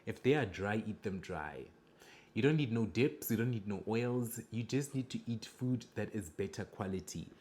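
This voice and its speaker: A man's voice: on the low side, lively intonation, moderate pace, darkish tone. A man hosting a reaction video, giving blunt, judgmental commentary and lecturing his viewers.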